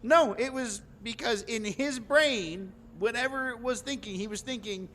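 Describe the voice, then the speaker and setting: Extremely high in pitch, the man's voice is pushed and bright, delivered at a measured pace. While streaming live he recounts a story in a relaxed, chatty way, swearing freely and performing what people said. Expect long reverb and faint background noise.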